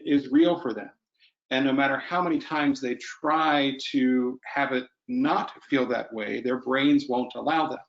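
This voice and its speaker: A male neurologist explains things in a measured, step-by-step way during a webinar. His pitch is in an ordinary middle range. The sound is roomy and dull, like audio from a home webinar. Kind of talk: webinar presentation.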